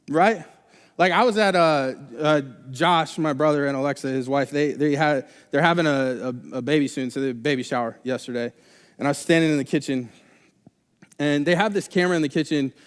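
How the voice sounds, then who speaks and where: A man's voice: on the high side, brisk, clean tone. A young adult man preaching a sermon live in a church, talking casually and rambling with many restarts and fillers. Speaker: pastor. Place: church sanctuary. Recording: live church recording with long hall reverb.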